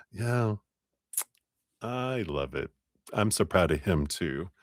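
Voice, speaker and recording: A low-voiced man reads tarot on a live stream, his pitch swooping up and down as he giggles and hums little sing-song sounds. He talks in an unhurried way, and the room around him sounds dry and close. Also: lively intonation, dry recording. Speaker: tarot reader.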